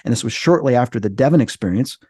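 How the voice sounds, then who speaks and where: A man appearing as a podcast guest, telling a story in an excitable, animated way. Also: quick pace, husky, no room sound, clean studio sound. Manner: excitable, acts out quoted voices with big jumps in pitch.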